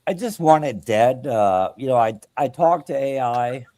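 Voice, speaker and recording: A man's voice: medium pitch, animated, a little slow, mellow, no room sound. A man hosting a live stream, chatting casually in a blunt, crude, opinionated way with lots of fillers. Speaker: streamer host.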